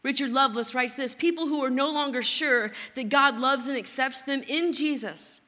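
High bright woman preaching in a hall. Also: normal speed. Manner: earnest, acts out the older brother's complaints. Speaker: guest pastor. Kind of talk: sermon. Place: large church auditorium. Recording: long reverb of a large hall.

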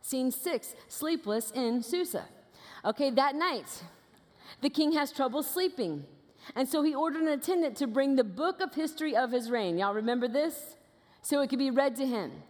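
A woman guest preacher giving a sermon as lively, conversational storytelling in a church auditorium. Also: high voice, moderate pace. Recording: long reverb of a large hall.

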